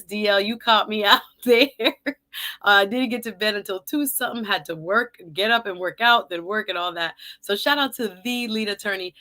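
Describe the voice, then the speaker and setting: A chatty woman hosts a live-stream talk show. Her voice is bright and clear, and she keeps turning to her viewers to call them y'all. She laughs easily as she talks. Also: medium pitch. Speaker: host. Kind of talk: casual live-stream chat.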